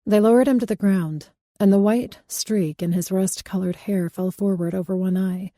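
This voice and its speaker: A woman narrating a fantasy romance audiobook in a steady, even reading. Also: medium pitch, moderate pace, no room sound, studio quality.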